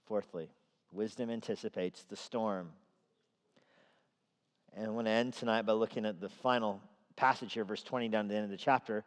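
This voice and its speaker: A man's voice: fairly low pitch, steady tone, moderate pace, pauses often, smooth, in a large hall. A man preaching a sermon in a conversational way, sometimes acting out the voices he quotes. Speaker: pastor. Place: church sanctuary.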